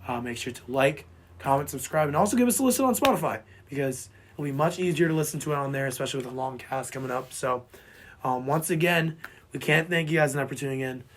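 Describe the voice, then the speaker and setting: A man co-hosting a casual sports podcast who has lost his voice and sounds hoarse and boyish, rambling and repeating himself as he talks sports. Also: medium pitch, fast, slight background noise. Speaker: podcast co-host.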